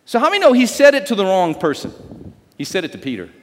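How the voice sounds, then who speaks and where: A man preaching a sermon as pastor, lively and conversational, with call-and-response and sudden loud, drawn-out swells. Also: high voice, long reverb tail. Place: church sanctuary.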